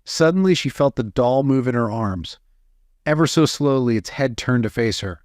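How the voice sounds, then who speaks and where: A man's voice: medium pitch, expressive, moderate pace, a little mellow, no room sound. A man in a middle register reads through a string of jokes aloud. His delivery is loose and casual, with small slips and fillers along the way. The sound is dry and close, with no room around it. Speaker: joke reader.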